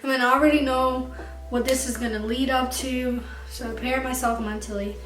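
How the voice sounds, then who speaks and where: A woman's voice: sits high, fairly even intonation, a little fast. A young woman vlogger candidly telling a personal story to camera, emotional and tearful at times. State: crying at times. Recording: echoey room, far from mic, faint music.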